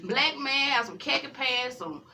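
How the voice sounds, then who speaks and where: A woman's voice: high-pitched, unhurried, vocal fry. A woman with a Memphis Southern accent, telling a story casually at a family gathering and acting out the voices she quotes. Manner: animated, acts out quoted voices. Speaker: storyteller guest. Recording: distant mic, crowd chatter behind.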